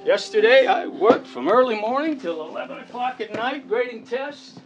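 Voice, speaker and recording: An actor playing a fussy, cheerful middle-aged schoolteacher who is a doting husband, with a pompous manner. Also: male voice, very high voice, expressive, normal speed, lo-fi sound, faint music behind. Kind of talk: stage drama acting.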